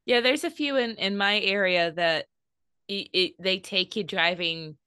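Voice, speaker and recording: A woman in casual chat, talking in a chatty way with halting restarts. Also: medium pitch, bright, forceful tone, smooth, no echo, clean studio sound.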